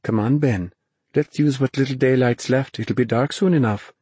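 A man's voice: medium pitch, normal speed, dark tone, breathy edge, no room sound, pitched above the performer's own voice, natural voice. A man voicing a bold, cheerful young woman who speaks with confidence and a teasing lilt. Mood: confident.

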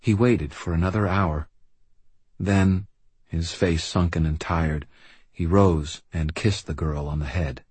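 A male audiobook narrator with a very low, deeply husky voice. He reads first-person fiction in a dry, measured, wry manner. The recording is close and completely dry. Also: fairly even intonation, darkish tone, no room sound.

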